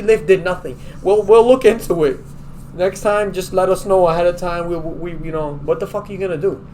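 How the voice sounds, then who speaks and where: A man's voice: on the high side, slight background noise. A man co-hosting a casual podcast, telling a story with lots of swearing and acted-out quotes. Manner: animated storytelling, acts out quotes, swears a lot. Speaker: podcast co-host. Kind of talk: casual chat.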